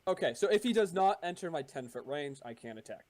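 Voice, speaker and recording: A man with a high voice plays a tabletop game, cursing freely as he reasons out loud through his attack options. His talk is loose and casual. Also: expressive, fast talker. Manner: swears a lot, thinks out loud about moves. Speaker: player.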